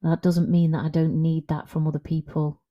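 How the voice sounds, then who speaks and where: Low-voiced woman coaching, frank. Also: moderate pace, highs cut off. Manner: frank, conversational, animated. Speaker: confidence coach. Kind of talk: solo podcast monologue.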